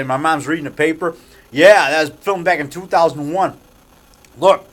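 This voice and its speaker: A man's voice: a little high, moderate pace, a bit bright. A man who makes horror movies, rambling in a casual vlog from a small framing shop, promoting himself and repeating himself like a showman. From Chicago area. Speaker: horror movie maker and actor.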